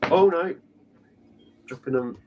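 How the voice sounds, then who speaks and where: A man's voice: on the high side, takes it slowly, highs cut off. A man co-hosting a casual chat, teasing and laughing often.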